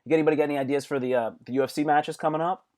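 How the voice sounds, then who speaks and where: Hosting a casual live stream as a comedian, a man addresses viewers by name in an animated, repetitive way and swears freely. His voice is a little high and he talks at a racing pace.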